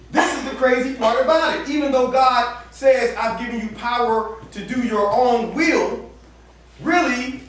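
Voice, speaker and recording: Casual, slangy male preacher with a very high voice, recorded from afar in a big echoey room. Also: a bit bright, recorded from a distance. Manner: casual slang-filled preaching, acts out dialogue, laughs often. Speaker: campus minister preaching. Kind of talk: sermon.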